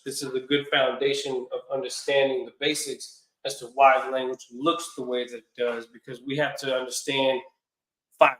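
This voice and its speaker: A man giving a classroom lecture in an earnest, repetitive way. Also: medium pitch. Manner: earnest lecturing, repeats himself. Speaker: teacher. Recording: echoey room.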